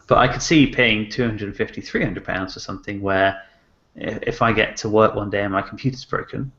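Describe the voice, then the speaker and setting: A man's voice: fairly low pitch, fairly quick, fairly bright tone. A man co-hosting a tech podcast, talking enthusiastically and thinking aloud with lots of "you know"s. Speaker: podcast co-host. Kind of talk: casual tech chat. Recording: slightly muffled podcast audio.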